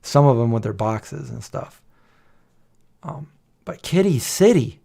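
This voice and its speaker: A forties-aged livestream host speaks a little slowly in a warm, slightly rough, creaky mid-range voice with lively intonation and long pauses. Late at night he tells the chat rambling, playful nostalgic stories and sings old jingles.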